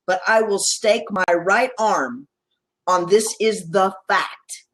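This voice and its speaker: A woman's voice: medium pitch, low-quality recording. A woman guest expert in a discussion, talking in an enthusiastic, emphatic and playful way. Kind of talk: casual discussion.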